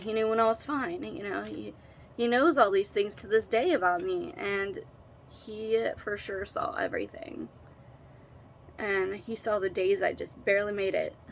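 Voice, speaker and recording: Woman, middle-aged, gravelly voice with faint background noise; tearful, halting personal storytelling. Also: medium pitch. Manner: earnest, emotional, halting with restarts. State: tearful, holding back crying. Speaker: vlogger telling her own story.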